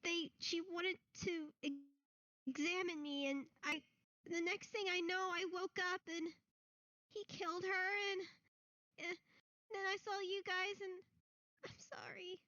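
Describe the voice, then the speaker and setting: A woman's voice: very high-pitched, fairly even intonation, unhurried, long pauses, sharp tone, dry recording, voice pushed up, heavily acted. A woman voicing a frightened, remorseful young boy who keeps breaking into tearful apologies. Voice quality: trembling, sobbing apologies. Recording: dull lo-fi mic.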